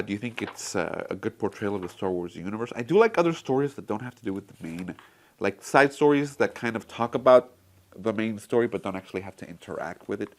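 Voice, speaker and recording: Guy with a lowish voice gushing about comics, chatty, talks right to the viewers. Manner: enthusiastic, chatty, addresses viewers directly. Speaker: comic book reviewer. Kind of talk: casual product review vlog.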